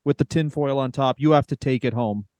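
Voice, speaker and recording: A man co-hosting a podcast, telling stories in a joking, animated way. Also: mid-range voice, a little fast, dry recording. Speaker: podcast co-host. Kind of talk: casual chat.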